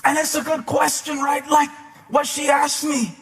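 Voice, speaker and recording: A high-pitched man preaches in a large church, building slowly and deliberately into fervent shouts. His voice rings out with a long hall reverb behind it. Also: flat delivery, vocal fry. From South Carolina, USA. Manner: impassioned, rising to shouts. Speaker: pastor. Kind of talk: sermon.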